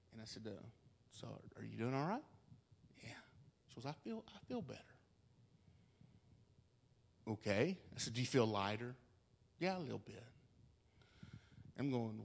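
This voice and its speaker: A man preaching a sermon, telling a story and quoting both sides of a talk, dropping low and soft, then rising loud and urgent.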